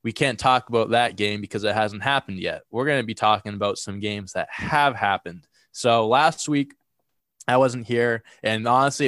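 Here a young man with a lowish, somewhat bright voice hosts a laid-back sports podcast at studio quality with no echo. Slightly congested from a cold, he speaks with energy, often restarting and using fillers.

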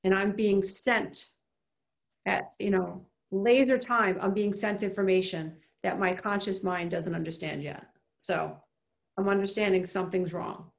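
A woman speaks in a mid-pitched voice with a noticeable gravelly fry. She gives an emphatic motivational talk, repeating her key points and throwing in rhetorical questions. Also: steady tone, measured pace. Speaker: self-help speaker.

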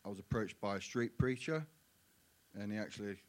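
A man giving his personal testimony in church, earnest and halting. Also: on the low side. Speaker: guest sharing his testimony. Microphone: handheld mic.

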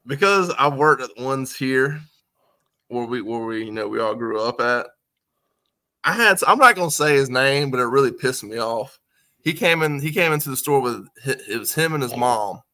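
A man in casual podcast chat, telling a slow, profane story about a customer. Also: medium pitch, expressive, sharp tone. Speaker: podcast guest.

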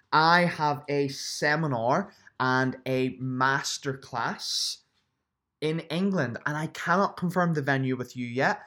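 A man's voice: on the high side, takes it slowly, bright, forceful tone. A man hosting a solo podcast, running through upcoming events in a chatty, promotional way and stressing dates and places. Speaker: podcast host and fitness instructor.

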